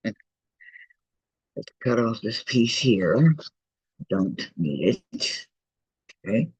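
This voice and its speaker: A man's voice: fairly low pitch, very animated, drawn-out words, a little mellow, breathy edge, dry recording, poor audio. A man hosting a quilting shop's online meeting. He talks casually through a crafting demonstration, muttering to himself as he works and reading out viewer messages.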